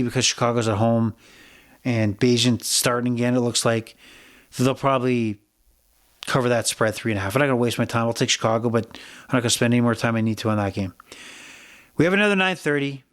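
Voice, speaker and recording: A man's voice: medium pitch, fairly bright tone, clear, resonant tone. A middle-aged man hosting a solo sports betting podcast, talking bluntly and with plenty of swearing as he rambles through his opinions. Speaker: podcast host.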